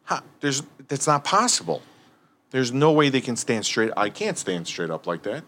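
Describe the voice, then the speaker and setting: A man's voice: mid-range voice, normal speed, a little hiss or hum. A man telling firefighting stories in casual, profane chat, acting out what people said. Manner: animated, profane, acts out quotes.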